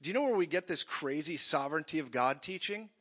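A man preaching an energetic sermon, joking and acting out voices as he goes. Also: a little high, fast. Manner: animated, jokey, acts out voices. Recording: dull echoey hall.

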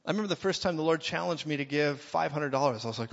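A middle-aged man preaching a sermon in an animated way, dropping low and then rising to shouts. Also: fast talker, hardly any pauses, long reverb tail, lo-fi sound. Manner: animated, swings from quiet to shouting.

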